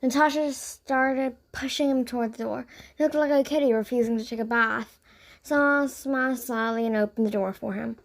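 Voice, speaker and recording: A woman narrating a children's audiobook in an expressive read-aloud manner. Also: fairly high pitch, normal speed.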